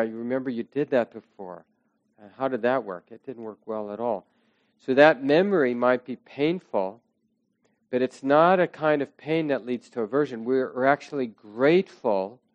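A man teaching a meditation class, speaking slowly and reflectively, letting his phrases trail off softly. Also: medium pitch, dry recording. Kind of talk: dharma talk to a class.

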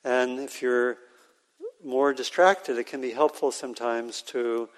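Man teaching meditation, slow and halting with lots of uhs, mid voice, long hall echo. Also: medium pitch, fairly even intonation. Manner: unhurried, halting, with frequent pauses and fillers. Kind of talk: guided meditation instruction. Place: meditation hall with a live group. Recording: reverberant hall sound.

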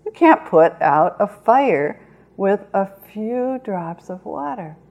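A woman's voice: mid-range voice, expressive, slow, a little mellow, muffled recording, pitched above the performer's own voice. A woman voicing a mocking male god in a spoken teaching story, scoffing at a small bird. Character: mocking male sky god, scornful and amused.

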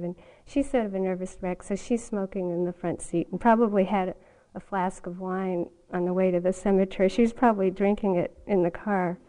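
An older woman with a warm, medium-pitched voice gives a meditation talk at a retreat, candidly sharing a personal story and laughing often. She's a meditation teacher, and the recording quality is low.

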